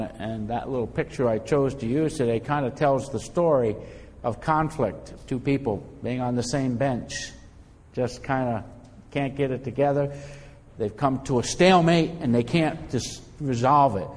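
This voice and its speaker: A man's voice: mid-range voice, a little mellow. Male pastor, mid-range voice, casual sermon delivery with frequent restarts, recorded with long hall reverb. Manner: conversational, repeats words while finding phrasing.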